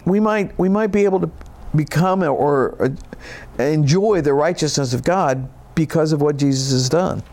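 A pastor with a somewhat high, darkish voice preaches a sermon. He reads scripture and explains it in a folksy, conversational way, tossing in casual asides.

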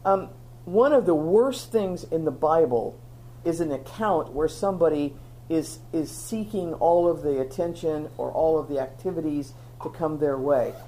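A woman's voice: deep voice, moderate pace, mellow. A woman teaching a Bible lesson in an earnest, conversational sermon style, often restarting her phrases.

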